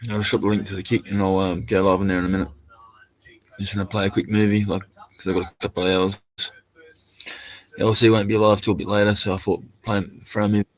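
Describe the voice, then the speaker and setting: A man's voice: on the low side, little pitch movement, fast talker. An Australian man chatting casually on a live stream, rambling and laid-back, swearing now and then.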